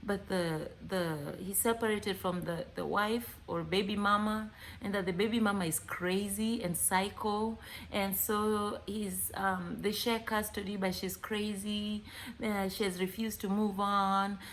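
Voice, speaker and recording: A woman with a Kenyan accent talking casually to camera, animated, acting out both sides of chats and mixing in Swahili words. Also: medium pitch, measured pace, slight background noise. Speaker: vlogger.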